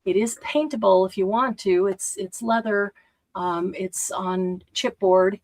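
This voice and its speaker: Woman running a live craft sale, chatty and easygoing, counting stuff out loud. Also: mid-range voice, unhurried, poor audio. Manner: chatty, shows items and counts stock aloud. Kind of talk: casual live-stream sales chat.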